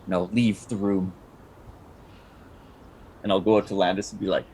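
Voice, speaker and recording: A man's voice: low-pitched, flat delivery, normal speed, a little mellow, slight background noise. A man playing a tabletop role-playing game, describing what his character does and sometimes speaking as him. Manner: describes his character's actions, drops into short in-character lines. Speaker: player.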